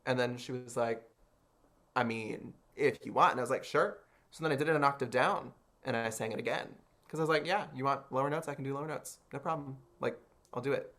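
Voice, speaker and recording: A man in an interview, retelling his story in an expressive, chatty way. He keeps saying "I was like" and acts out what others said, his voice jumping high as he quotes them. His voice sits at a middle pitch. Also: fairly quick. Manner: chatty, many "I was like" and "like" fillers. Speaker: interview guest. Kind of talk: animated storytelling.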